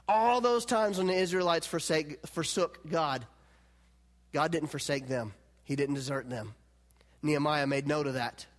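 A man preaching a sermon as pastor, animated and swinging between loud, emphatic lines and hushed, quiet ones. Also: fairly high pitch. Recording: long hall reverb.

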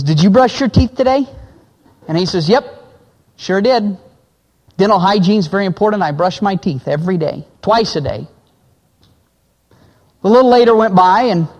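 A man preaching, telling illustration stories and acting out the quoted voices of the people in them. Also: big-room sound. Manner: acts out quoted voices, drops low for men's lines. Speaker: pastor. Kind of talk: sermon illustration storytelling.

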